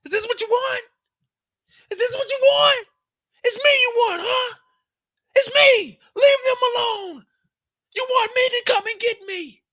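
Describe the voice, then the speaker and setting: A man doing a desperate, defiant shouting man. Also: extremely high pitch, fast talker, few pauses, dry recording, pitched above the performer's own voice. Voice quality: strained, shouting.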